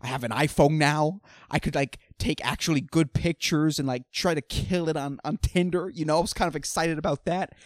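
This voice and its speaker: A young man hosting a solo podcast, ranting with heavy swearing, flipping between loud outbursts and mumbled asides. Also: a little high, fairly even intonation, a little fast, hardly any pauses, dry recording, studio quality. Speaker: podcast host. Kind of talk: solo comedic rant.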